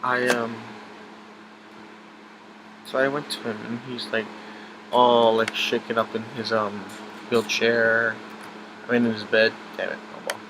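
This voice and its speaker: A young man telling a personal story about his grandfather in a halting, emotional way, with many restarts and fillers. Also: medium pitch, background noise.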